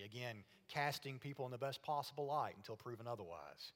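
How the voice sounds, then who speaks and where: A man preaching a sermon to his congregation, earnest and now and then dropping to a hushed voice for emphasis. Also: mid-range voice, expressive, a little fast. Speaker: pastor. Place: church sanctuary. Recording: long reverb of a church hall.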